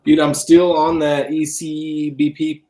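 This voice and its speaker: A man's voice: on the high side, little pitch movement, a little slow. A man in casual chat with friends, teasing crudely and laughing a lot. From Utah. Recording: echoey room with crowd noise.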